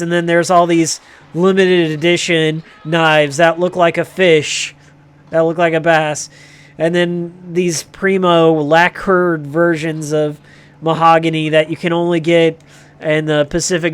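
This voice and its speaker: A man's voice: fairly high pitch, clear, resonant tone. A man hosting a livestream who rambles through a sardonic, profane comic rant. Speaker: livestream host.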